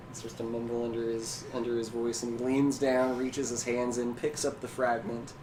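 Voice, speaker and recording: A man narrating a tabletop game as game master in a relaxed, halting way. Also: mid-range voice, echoey room. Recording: distant mic with clear noise.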